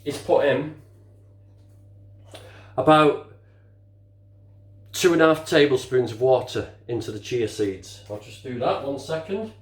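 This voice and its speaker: A man's voice: medium pitch, expressive, unhurried, long pauses. An older man, chatting casually through a cooking demonstration, muttering and swearing mildly as he works. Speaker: home cook. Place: home kitchen. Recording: echoey kitchen. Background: clinking dishes and utensils.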